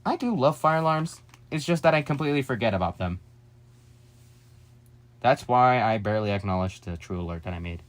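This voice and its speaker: A man chatting casually and excitably to his viewers, jumping from topic to topic with quick asides and jokes. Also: mid-range voice. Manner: addresses viewers as "guys", quick asides and joking. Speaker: vlogger. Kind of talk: casual rambling vlog chat to viewers.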